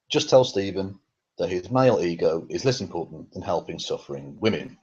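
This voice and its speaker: A husky man delivering a profane, irritated commentary, full of fillers and restarts. His voice sits low, and the recording is dull and lo-fi, like a cheap home mic. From England. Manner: angry, sweary, with many fillers. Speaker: YouTube commentator. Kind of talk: ranting commentary on a feud.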